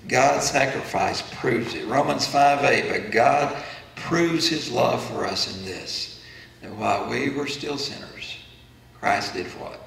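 Male pastor, earnest sermon, gravelly voice, echoey church heard from a distance. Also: medium pitch, slow pace, a bit bright. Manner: earnest preaching, voices the questions of the faithful. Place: church sanctuary. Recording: echoey church room from far off.

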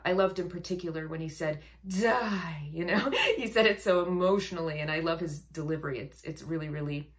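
A woman's voice: deep voice, quick pace, few pauses. A woman vocal coach giving admiring music reaction commentary, explaining singing technique in detail.

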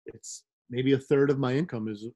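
A man's voice: mid-range voice, fairly even intonation, normal speed, warm tone, slightly rough. Rambling Midwestern man telling stories. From American Midwest. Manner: rambling, laughing, full of fillers. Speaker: guest, rave promoter. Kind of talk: casual storytelling chat.

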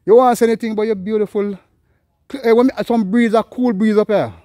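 A Jamaican man with a somewhat high-pitched voice rambles in easygoing patois while walking an outdoor road. He talks straight to his viewers and calls out greetings to people he passes. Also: steady tone, fast, dark tone, dry recording, clean studio sound. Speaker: vlogger. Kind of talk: casual walking vlog chat.

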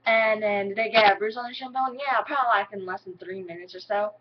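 Talking quickly at a medium pitch, a young vlogger chats to the camera indoors at home. She's rambling and giggly, peppering everything with "like", and the audio is dull.

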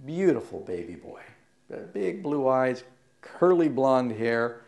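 A middle-aged man preaching a sermon, telling stories and putting questions to his listeners, going soft and low in the sad parts. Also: vocal fry. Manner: storytelling, asks the audience questions, drops soft for sad parts.

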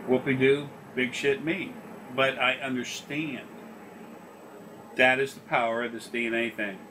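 A man with a mid-range voice and fairly even intonation speaks at a measured pace with a sharp tone. On a recorded consultation he tells casual, rambling, profane stories, laughing often and playing out the people he quotes. The distant mic leaves faint background noise.

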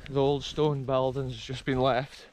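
A man's voice: mid-range voice, flat delivery, unhurried, darkish tone, rough recording. A man with a Scottish accent narrating a casual walking vlog on a windy rural hillside, enthusiastic and often calling his viewers folks. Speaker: vlogger exploring abandoned places.

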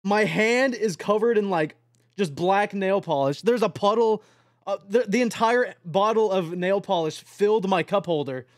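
Young male streamer, high-pitched, dry close mic, rambling and profane, excitable late-night chatter. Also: normal speed, no echo. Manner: rambling, excitable, swears a lot.

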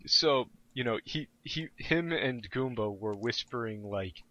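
A young adult man telling stories in casual chat, animated and full of profanity. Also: mid-range voice, measured pace. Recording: dull lo-fi audio.

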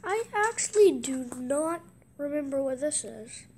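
An excitable woman casually commentating a game, gasping with surprise and slipping into hushed asides. Her voice is high, and she talks at an unhurried pace. There is a faint noise underneath. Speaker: gameplay commentator.

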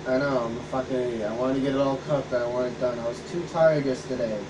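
A man co-hosts a gaming channel's stream, chatting casually over gameplay and telling rambling, profane stories. His voice sits at medium pitch with fairly even intonation, and he talks quickly. The mic is distant, and a hum runs in the background.

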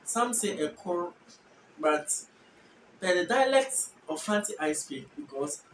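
A Ghanaian-accented speaker whose first language is Efutu hosts a casual explainer, thinking aloud and often correcting themself mid-sentence. The voice sits at a middling pitch and sounds set back from the mic in a roomy, echoing space with a faint hiss behind. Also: big pitch swings, takes it slowly. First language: Efutu (Guan). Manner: thinks aloud, self-correcting, hedging asides. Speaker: host explaining language differences. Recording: echoey room, distant mic, faint noise.

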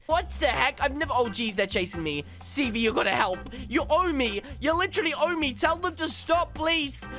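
A man with a strikingly high voice narrates his gameplay in an exaggerated, whiny, theatrical way. Loud game music plays clearly underneath him the whole time. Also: sing-song, normal speed, hardly any pauses. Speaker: gaming YouTuber. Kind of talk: playful game commentary.

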